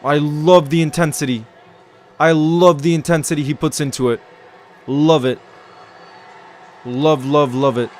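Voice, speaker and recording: A man giving excitable live commentary on a football match while greeting viewers in his chat. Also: on the high side, measured pace, pauses often. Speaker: watchalong streamer.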